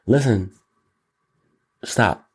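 A man hosting his own show, talking solo in an animated, exclamatory way, riffing and repeating words in long runs. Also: fairly low pitch, very slow, husky. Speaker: show host. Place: Los Angeles.

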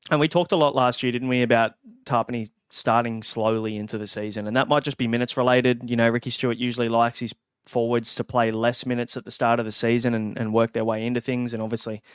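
A man hosting a casual fantasy sports podcast, relaxed and passing questions to his co-hosts. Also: mid-range voice, fast talker, clear, resonant tone, no room sound, studio quality. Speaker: podcast host.

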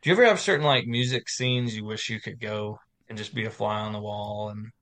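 A man's voice: on the low side, a little fast, a bit bright. A man chatting in a casual interview, rambling and enthusiastic, trailing off into fillers. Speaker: singer-songwriter guest.

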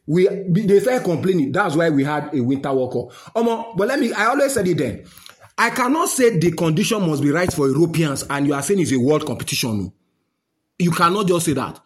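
A man with a Nigerian accent rants indignantly, firing off one rhetorical question after another. His voice sits high and swings widely up and down as he presses his point. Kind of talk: opinion rant.

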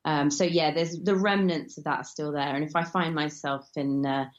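Low-voiced chatty woman, muffled sound. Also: fairly even intonation, moderate pace. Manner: chatty, rambling with many fillers and restarts. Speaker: actress guest. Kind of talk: casual interview chat.

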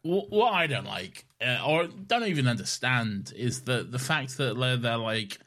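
Casting: young male podcast co-host, teasing and laughing, very animated delivery. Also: medium pitch, a little slow. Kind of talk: casual chat.

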